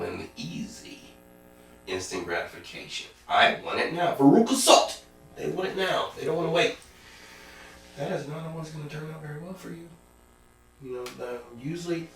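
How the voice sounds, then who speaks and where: A man giving a spiritual talk, preachy and full of rhetorical questions and folksy asides. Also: medium pitch. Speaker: spiritual speaker. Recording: very echoey room, distant mic.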